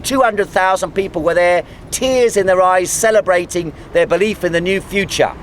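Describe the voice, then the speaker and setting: Man, tour guide, high voice, lively anecdotal storytelling, outdoors, faint traffic. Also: moderate pace. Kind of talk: storytelling history lecture with jokes.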